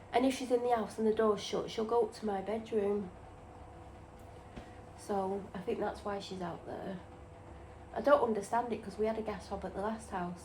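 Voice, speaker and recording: A woman's voice: mid-range voice, a little mellow, a little hiss or hum, low-quality recording. A tired woman rambles in casual chat about her day while cooking in her home kitchen. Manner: rambling, chatty, self-deprecating. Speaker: vlogger.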